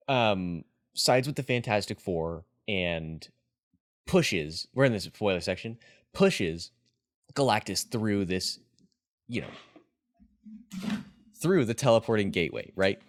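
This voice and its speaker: A man hosting a casual movie review chat, talking eagerly with a rambling flow. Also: lowish voice. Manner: excited, rambling, with fillers and laughs. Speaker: podcast host, movie reviewer.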